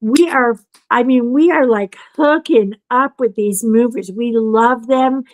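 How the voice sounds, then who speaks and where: A woman hosting a chatty podcast, telling a story slowly in a fairly high voice and acting out everyone's lines. The sound is close and dry, with no room around her. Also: dry recording, rough recording. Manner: animated storyteller who acts out quotes. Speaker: podcast host. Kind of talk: casual chat, storytelling.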